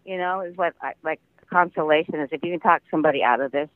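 A man's voice: on the high side, quick pace, no room sound. Older man talking over a tinny phone line. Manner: chatty storyteller, laughs often. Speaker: guest actor. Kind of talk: casual interview over the phone.

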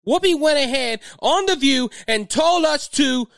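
A man's voice: very high-pitched, expressive, unhurried, creaky, a bit bright, no echo, clean studio sound. A middle-aged man with a Cajun accent hosting a political podcast, talking in an agitated, rambling way and often repeating words. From Louisiana. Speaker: podcast host.

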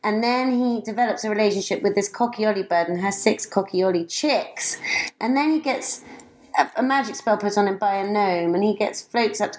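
A woman's voice: medium pitch, poor audio. A middle-aged woman in casual chat, reading rhyming verse aloud in a lilting storybook manner.

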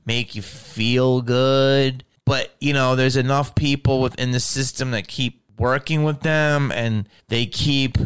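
Profane ranting man with a smooth voice. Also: mid-range voice, slow pace, few pauses. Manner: profane, animated ranting with restarts. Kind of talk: casual ranting chat.

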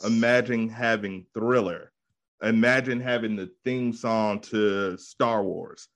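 A man's voice: fairly low pitch, fairly even intonation, slow pace. A man hosting a podcast in casual chat, hyping his guest in slangy, upbeat talk. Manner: hyped, slangy hype-man delivery. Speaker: podcast host.

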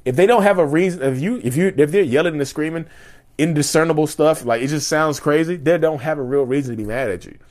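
A man's voice: on the high side, fast talker, a little mellow. Repetitive, emphatic male vlogger. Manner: repetitive, emphatic, laughs often. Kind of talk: casual monologue.

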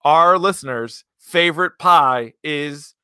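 A man's voice: a little high, slow, sharp tone, smooth, no room sound, clean studio sound. A man co-hosting a podcast, telling loose joking stories in casual chat. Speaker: podcast co-host.

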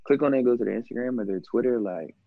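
A man's voice: mid-range voice, fast talker, dry recording, narrow, tinny audio. A man talking as a podcast guest, laid-back and rambling, with lots of filler words. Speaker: guest, music artist. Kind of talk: casual chat.

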